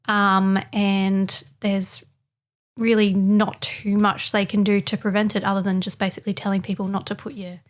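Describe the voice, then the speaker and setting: A woman's voice: medium pitch, little pitch movement, normal speed. A woman on a casual panel chat, sharing a fact in a chatty, informal way. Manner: chatty and informal, says "kinda" and "like".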